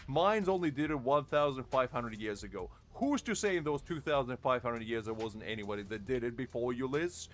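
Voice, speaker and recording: A man's voice: mid-range voice, lively intonation, a little fast, hardly any pauses, soft background music. A man streaming a game, teasing and arguing with chat in playful mock outrage. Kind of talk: casual live-stream banter.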